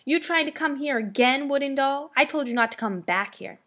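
A woman voicing a scrawny, rough girl bully who jeers and shouts taunts in a storybook reading. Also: high voice, expressive, normal speed, pitched above the performer's own voice. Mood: jeering. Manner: loud, jeering.

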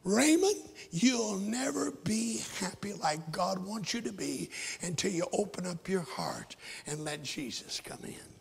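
A raspy older man preaches, telling his story in a fervent sermon that swings from shouts to hushed whispers. His voice sits high and gravelly, with a husky edge. It rings out in a hall with a long echo. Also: sing-song, measured pace. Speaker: pastor. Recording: echoey hall.

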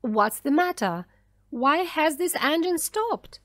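A woman's voice: high-pitched, animated, slow, fairly bright tone, no echo, studio quality, pitched above the performer's own voice, exaggerated voice. A woman reading a storybook voices a frightened male engineer who speaks urgently and insistently.

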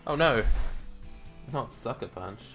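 A man streaming a game, talking casually to himself and viewers, swearing freely, laughing often and bursting into loud outrage. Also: mid-range voice, expressive, slow, soft background music. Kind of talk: casual gameplay commentary.

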